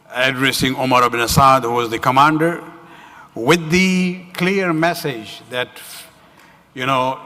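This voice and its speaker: Bright-voiced man lecturing in a hall. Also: a little high. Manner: storytelling, frequent "you know" and "uh" fillers. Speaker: religious speaker. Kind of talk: religious lecture. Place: community center hall. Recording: reverberant hall.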